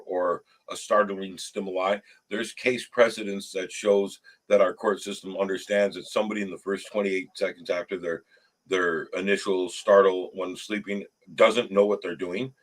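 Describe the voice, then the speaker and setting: A man's voice: fairly low pitch, rough recording. A man hosting a casual recovery group chat, talking earnestly with stumbling restarts. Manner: earnest, stumbling restarts, rises sharply when animated. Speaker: show host.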